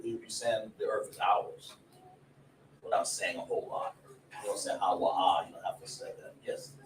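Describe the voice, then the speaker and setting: A man teaching a religious class in a casual, animated way, laughing and drawing call-and-response from his students. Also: medium pitch. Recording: echoey room, voice from a distance, faint noise.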